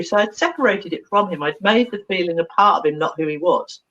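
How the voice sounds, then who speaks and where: A woman's voice: lowish voice, fairly quick, hardly any pauses, rough recording. A woman, a therapist, telling a story animatedly in an interview, acting out voices and laughing often. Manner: expressive, acts out dialogue, laughs often.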